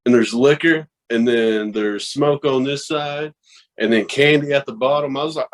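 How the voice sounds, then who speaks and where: A man's voice: mid-range voice, normal speed. A man from the American South, a podcast guest telling stories in casual, profane chat and acting out other people's voices. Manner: animated, profane, acts out quoted voices.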